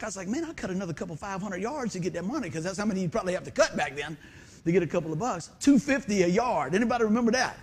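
A man preaching a sermon as pastor of a church, telling folksy stories with lively quoted voices. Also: sits high, racing, slight background noise. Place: church sanctuary.

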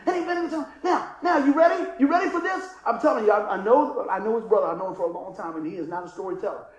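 A pastor preaches in a storytelling sermon, his voice sitting very high for a man. He chuckles often and slips into the voices of the people in his story. The sound rings around an echoey room. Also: quick pace. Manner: chuckling, animated storyteller acting out the people he quotes.

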